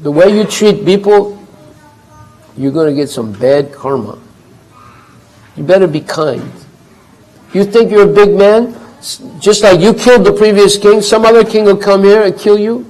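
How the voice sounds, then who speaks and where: A man voicing a calm wandering holy man who admonishes gently. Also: sits high, normal speed, pauses often, voice pushed up, natural voice, low-quality recording.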